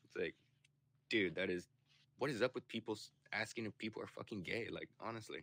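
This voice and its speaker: A man's voice: on the low side, fast, pushed and bright, no room sound. A young man streaming, chatting casually and telling rambling, profane stories. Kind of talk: casual chat.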